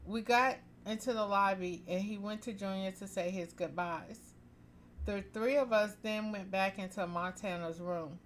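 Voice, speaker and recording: Slow, expressive woman reading a story. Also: medium pitch, slight background noise. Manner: expressive, chatty, laughs with listeners. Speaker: story reader, streamer. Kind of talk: live story reading with asides.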